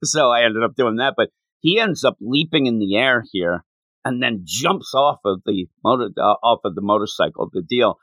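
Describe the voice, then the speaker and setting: A man's voice: medium pitch, lively intonation, moderate pace, a bit bright, dry recording. A young man co-hosting a manga podcast, retelling scenes with playful voices. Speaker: podcast co-host. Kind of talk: casual manga discussion.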